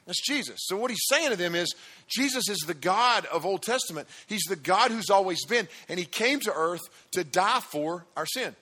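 A male preacher with a high, forceful voice delivers an energetic sermon. He speaks with emphasis and keeps turning to his listeners with direct questions. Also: normal speed.

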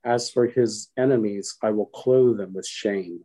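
A man reciting alternate psalm verses in a responsive morning prayer, in a steady, solemn way. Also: fairly low pitch, unhurried. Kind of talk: liturgical responsive reading.

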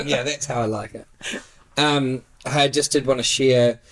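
A man's voice: mid-range voice, steady tone, unhurried, a crowd in the background. New Zealand man, podcast host, casual and sweary storyteller. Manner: crude, laughing storyteller, swears a lot. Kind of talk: casual chat.

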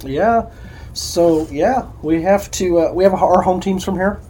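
A man's voice: high voice, unhurried, mellow, a little hiss or hum. A man from Illinois co-hosting a podcast, telling stories bluntly with laughs in casual chat. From Alton, Illinois. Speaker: podcast co-host.

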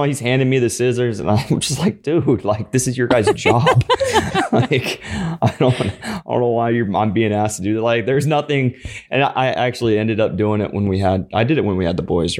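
A man's voice: fairly low pitch, a little mellow. A young man chatting casually as a podcast guest, joking at his own expense and laughing as he talks. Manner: self-mocking, jokey, laughs while talking. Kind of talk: casual chat.

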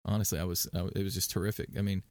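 A man with a low, gravelly voice talks casually in a podcast interview. He wanders through his answers with frequent fillers and restarts. The sound is dry and close. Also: flat delivery, very fast, darkish tone, no echo. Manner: rambling with many fillers and restarts. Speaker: worship leader and podcast guest.

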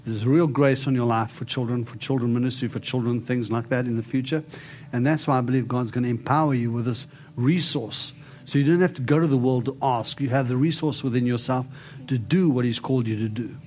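A man preaching and praying over people in an animated, storytelling way. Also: medium pitch, fairly quick. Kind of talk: prophetic ministry preaching and prayer.

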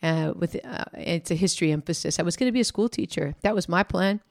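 Animated woman telling a faith story. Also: on the low side, fast, creaky. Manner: animated storyteller who acts out the people she quotes; conversational, with frequent fillers and restarts. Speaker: devotional podcast host. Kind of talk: storytelling devotional talk.

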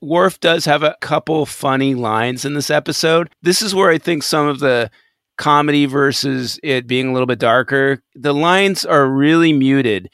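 A man's voice: on the high side, moderate pace, smooth, no echo. A man with a slightly raised voice talks through a scene he loved, laughing often as he builds up the joke. The sound is dry and close, with no room in it. His chat is loose and casual, full of restarts and asides. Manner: animated storytelling, frequent laughs. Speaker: podcast co-host.

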